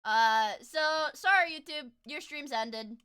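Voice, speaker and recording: A woman streamer chatting casually to her live viewers while reacting to a video, excitable and rambling, often breaking off to apologize. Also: a little high, slow pace, smooth.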